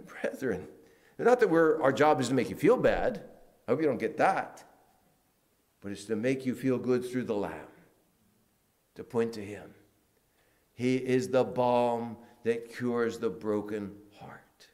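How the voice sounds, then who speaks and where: A man preaching a sermon in a church, moving between loud emphatic lines and quiet, hushed ones. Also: mid-range voice, expressive, unhurried, long pauses. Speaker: pastor.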